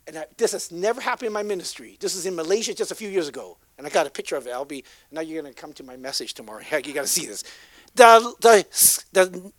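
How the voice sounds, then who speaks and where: Animated male preacher telling a story. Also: high voice, no room sound. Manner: animated, swings from loud to hushed. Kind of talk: sermon storytelling.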